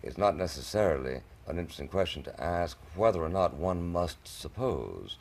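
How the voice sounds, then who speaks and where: A man's voice: low-pitched, very animated, moderate pace, creaky. A man hosting a televised debate, speaking in ornate, hesitant sentences with frequent stammered restarts.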